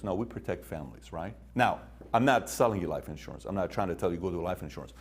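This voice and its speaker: A man's voice: low voice, big pitch swings, fast, hardly any pauses. A man giving a motivational talk, telling stories in a punchy way and putting questions to his listeners. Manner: storytelling, punchy, asks the room questions. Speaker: motivational speaker.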